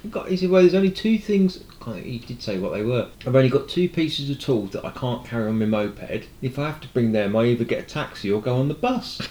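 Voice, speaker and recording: A man from Wales chatting casually and telling animated anecdotes, acting out both sides of conversations. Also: mid-range voice, fairly quick, few pauses. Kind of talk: casual chat. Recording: roomy echo, faint noise.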